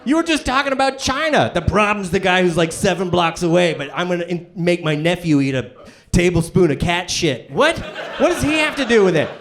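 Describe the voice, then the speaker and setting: High-voiced high-energy stand-up comic. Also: male voice, animated, brisk. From Canada. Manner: high-energy, incredulous, shouty bursts. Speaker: stand-up comedian. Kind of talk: stand-up comedy. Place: live comedy venue. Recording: live stage with loud audience laughter. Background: audience laughter.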